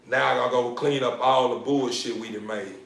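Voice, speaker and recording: A man's voice: mid-range voice, steady tone, brisk, gravelly, a bit bright. A man voicing a weary male creature made of built-up trouble, speaking in a tired, resolved way. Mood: weary resolve. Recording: roomy, from a distance.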